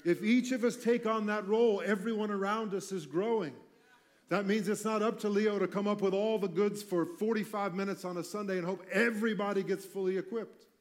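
A man's voice: high-pitched, steady tone, fairly quick. A man pastor giving a conversational sermon in a church, mixing teaching with self-deprecating jokes. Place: church sanctuary.

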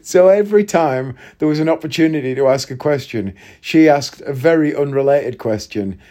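A man in his forties with a slightly high voice, telling stories from his own life in a relaxed, chatty monologue. He laughs big and often and can't hold it in. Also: moderate pace. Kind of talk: casual storytelling monologue.

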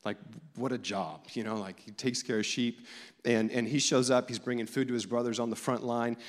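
Man pastor, casual storyteller, mid pitch, reverberant church hall. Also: steady tone, moderate pace. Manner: casual, storytelling, many restarts. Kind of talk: sermon. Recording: long echo of a church hall.

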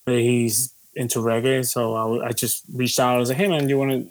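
A musician being interviewed, talking in a loose, rambling way with lots of fillers, swearing and easy laughs. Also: male voice, mid-range voice, steady tone, fairly quick, dry recording. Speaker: musician guest. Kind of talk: casual conversation.

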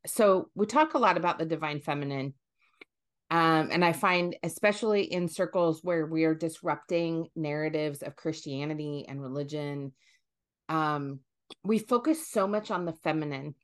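A woman hosting a casual podcast, her voice sitting a little low. She speaks with animation, restarting phrases and using fillers as she works through her thoughts. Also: normal speed. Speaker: podcast host.

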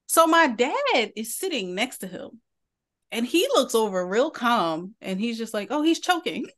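A woman's voice: on the high side, a little slow. A woman, a podcast co-host telling a family story in casual chat, laughing as she goes. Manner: animated storyteller, laughs mid-sentence.

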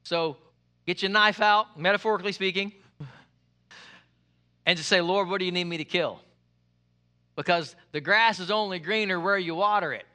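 A male pastor preaching a sermon, lively and joking with the congregation, repeating his key phrases. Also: high voice, moderate pace, long pauses, smooth.

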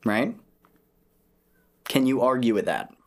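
A male host talks through a casual chat, joking and rambling with a self-deprecating streak. His voice sits at an ordinary middle pitch. His delivery is loose and easygoing. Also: expressive, slow pace.

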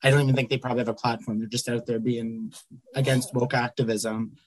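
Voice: mid-range voice, level tone, fast talker, poor audio. A co-host in a casual political chat, easygoing and self-deprecating, with many fillers.

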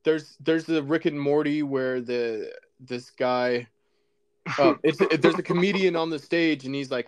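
A man's voice: a little high, measured pace, no echo. A man co-hosting a casual comedy chat, laid-back and laughing often, trailing off mid-thought. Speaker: podcast co-host.

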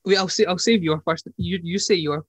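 A man's voice: high-pitched, brisk, slightly rough, dry recording. A young man hosting a podcast in casual chat, slangy and teasing, often breaking into laughter. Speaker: podcast host.

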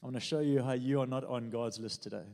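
A man preaching a lively sermon in a church, mixing jokes with prayer and calling on the congregation. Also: mid-range voice, quick pace, gravelly, in a large hall. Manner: fervent preaching with jokes and audience prompts. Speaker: pastor.

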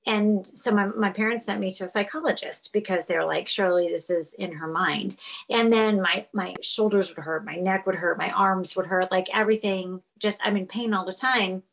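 A middle-aged woman, a guest on an interview podcast, telling her story in a casual, animated way over a video call and laughing often. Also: medium pitch, moderate pace, vocal fry, poor audio. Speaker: podcast guest, fitness instructor.

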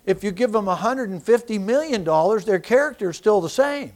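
Man preaching with a high voice. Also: fairly quick. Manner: animated preaching with restarts and personal testimony. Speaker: pastor. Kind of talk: sermon.

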